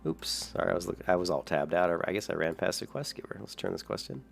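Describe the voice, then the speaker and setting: A man's voice: sits low, fast talker, creaky, soft background music. A young adult man streaming a game, chatting casually with viewers, rambling and swearing lightly between chuckles. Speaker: gaming streamer. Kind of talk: casual gameplay chat with viewers.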